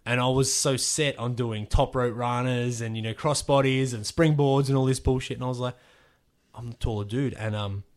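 A pro wrestler with a medium-pitched voice tells a story at normal speed on a casual podcast. He's animated and swears freely as he acts out the quotes.

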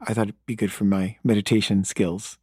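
A man's voice: lowish voice, little pitch movement, a little fast, mellow, husky, dry recording, studio quality. A man telling a wry, exasperated story in a casual monologue.

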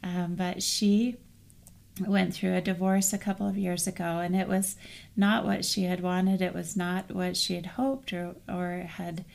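Gentle gravelly-voiced middle-aged woman. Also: on the low side, steady tone, measured pace. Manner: gentle, storytelling, soft trailing phrases. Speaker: co-host. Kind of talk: casual chat on grief.

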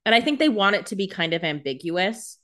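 A woman's voice: mid-range voice, sing-song, a little fast, fairly bright tone. A woman co-hosting a podcast, chatting casually about a TV episode with wry jokes and frequent laughter. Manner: wry and joking, laughs often. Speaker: podcast co-host. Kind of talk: casual chat recapping a TV episode.

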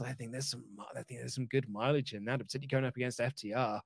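A man's voice: mid-range voice, fairly even intonation, fast talker, gravelly, few pauses, dry recording. Rambling man on a dry-sounding podcast. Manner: thinks aloud, rambling with restarts and laughs. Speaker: podcast co-host. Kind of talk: casual wrestling podcast chat.

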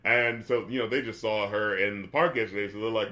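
A man's voice: fairly low pitch, brisk, hardly any pauses, muffled recording. Laid-back man in casual film chat. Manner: animated, acts out scenes in raised voices, swears. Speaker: podcast co-host. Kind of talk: casual movie discussion.

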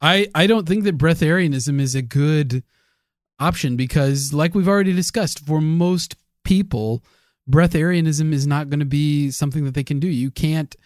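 A man's voice: a little high, moderate pace, dry recording, studio quality. A man co-hosting a podcast in casual chat, easygoing and agreeable, hedging his points as he talks them through. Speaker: podcast co-host.

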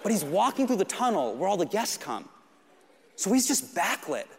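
Animated high-voiced stand-up comedian. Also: male voice, moderate pace. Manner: animated, self-mocking, with acted-out quotes. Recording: live stage mic with audience noise. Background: audience crowd noise.

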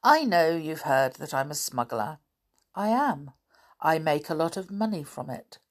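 A woman voicing a suave, scheming middle-aged male smuggler who talks softly and smoothly. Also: low voice, expressive, a little slow.

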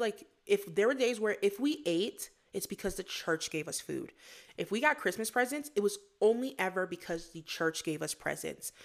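A young woman from Florida, a podcast guest in casual interview chat, telling animated stories with acted-out quotes. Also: lowish voice. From Florida, USA.

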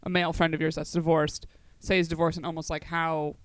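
A woman co-hosting a casual podcast, playful and quick to laugh while steering the questions. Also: sits low, little pitch movement, no echo. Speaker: podcast co-host.

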